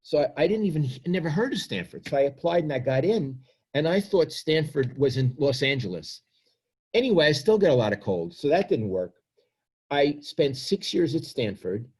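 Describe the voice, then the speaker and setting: A man's voice: a little high, very animated, normal speed, darkish tone, slightly rough. Older New man reading his book. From Brooklyn, New York. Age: 70s. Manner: reflective, self-deprecating. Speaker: author.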